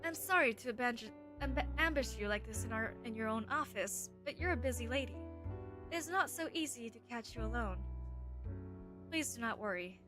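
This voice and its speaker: A woman voicing a tall, mysterious and powerful witch in a visual novel, speaking in a calm, measured and politely unsettling way. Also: a little high, over music, lightly acted.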